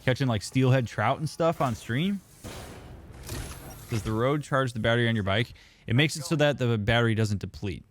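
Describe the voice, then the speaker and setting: This is casual gaming stream chat from a young man, a therapist, who reads messages and responds to viewers by name. He talks at a normal speed in a mid-range voice.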